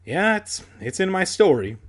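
A man reading aloud and voicing a panicked boy writer, shouting frantically in a husky voice. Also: on the high side, big pitch swings, a little slow, exaggerated voice. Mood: stammering.

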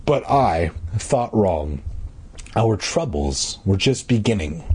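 Husky man doing a comic book reading. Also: mid-range voice, very animated, slow pace, darkish tone. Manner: adds crude asides and mock corrections. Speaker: reader and comedian. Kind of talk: comedic reading of a children's book.

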